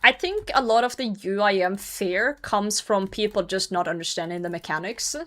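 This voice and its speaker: A woman's voice: mid-range voice, normal speed, a bit bright. A woman streamer chatting casually with her viewers while she plays, laughing often and swearing lightly. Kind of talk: casual livestream chat while gaming.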